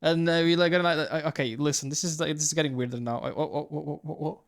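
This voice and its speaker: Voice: medium pitch, steady tone, fast talker. A streamer host chatting casually, teasing, laughing and stammering through replies.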